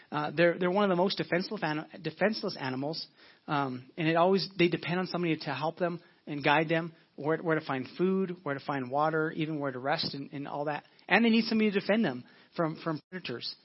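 High-voiced male preacher, slow and earnest. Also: highs cut off. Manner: earnest, repeats phrases for emphasis, slows down for scripture. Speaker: pastor. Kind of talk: sermon.

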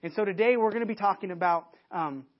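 A man preaching a conversational sermon to a church audience, lively and often restarting his sentences. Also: high-pitched, fast talker. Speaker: pastor. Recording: dull lo-fi sermon recording.

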